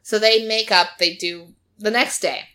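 A woman with a bright, forward voice tells a story in a casual chat. She keeps talking, fills her lines with "like" and acts out what people said. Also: mid-range voice, steady tone, a little slow. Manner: chatty storytelling, acting out quotes, frequent "like". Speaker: podcast co-host recapping a reality show.

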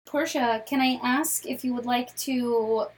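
A woman's voice: on the high side, steady tone, measured pace. A woman co-hosting a podcast in casual chat, playful and teasing. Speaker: podcast co-host.

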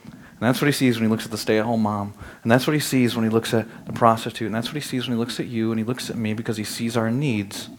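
A man in his thirties preaching a sermon as pastor, telling lively stories that climb loud and high. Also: fast talker, a little hiss or hum. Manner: animated storytelling, rising loud and high in anecdotes. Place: church sanctuary.

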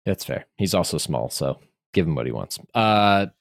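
A man's voice: sits low, expressive, moderate pace, gravelly. A man with a Midwestern American accent hosting a sports podcast, playfully steering each segment. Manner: playful, moves the talk along. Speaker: podcast host leading segments. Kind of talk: casual sports chat.

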